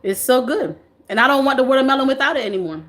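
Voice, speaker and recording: Woman in her forties, live stream host, laughs and teases viewers, bright voice. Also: high-pitched, animated, fast talker. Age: 40s. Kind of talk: casual live chat reading comments.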